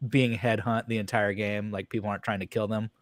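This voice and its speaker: A man's voice: lowish voice, little pitch movement, a little fast, no room sound. A man with a mid-range voice heard completely dry and close, with no room sound at all. He chats on a sports podcast and muses aloud, hedging his points as he goes. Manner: thoughtful, wandering, hedging with fillers. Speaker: podcast co-host. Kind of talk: casual sports podcast chat.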